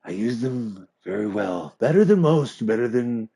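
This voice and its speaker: A man's voice: medium pitch, lively intonation, unhurried, vocal fry, warm tone, breathy edge, pitched above the performer's own voice, full character voice. A man voicing a smug, boastful male character who brags that he rules by decree, in a pompous, self-satisfied manner.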